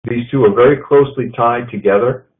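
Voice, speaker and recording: A man giving a leadership presentation to an audience, measured and telling stories. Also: mid-range voice. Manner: measured, storytelling with quotes. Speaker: leadership speaker. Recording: tinny phone-like sound.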